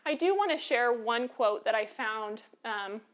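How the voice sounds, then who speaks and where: A woman's voice: a little high, lively intonation, a little slow. An American woman hosting a quilting lesson, chatty and encouraging, with frequent filler ums. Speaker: quilting show host. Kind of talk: live online quilting lesson.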